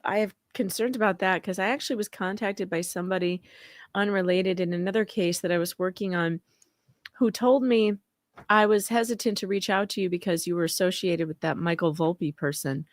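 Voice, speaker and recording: A woman's voice: fairly low pitch, fairly quick, no echo, studio quality. A woman talking candidly on a livestream as a guest, with a chatty, conversational manner. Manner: candid, conversational, uses "like" a lot. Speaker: fellow show host and guest. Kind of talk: casual livestream chat.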